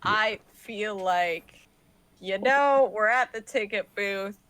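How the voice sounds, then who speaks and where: A woman playing a tabletop game over an online call, deadpan and joking in casual chat. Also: mid-range voice, slow pace, clear, resonant tone, no room sound, low-quality recording. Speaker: player.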